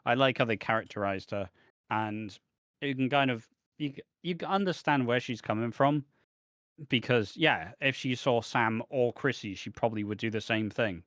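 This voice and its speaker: A man's voice: mid-range voice, normal speed, a bit bright, dry recording. Laid-back man, dry close sound. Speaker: podcast co-host. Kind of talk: casual recap chat about a soap opera.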